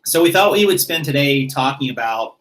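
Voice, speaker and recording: A man hosting his own channel in a casual chat, relaxed and self-mocking, laughing easily. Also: mid-range voice, fairly quick, low-quality recording. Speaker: YouTube channel host.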